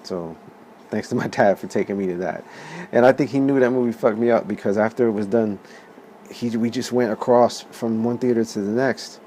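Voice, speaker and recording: A man in his thirties rambles through a story in a loose, profane, chatty way and laughs often. His voice sits fairly low, with a faint hum of background noise behind it. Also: steady tone, normal speed, warm tone. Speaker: vlog host.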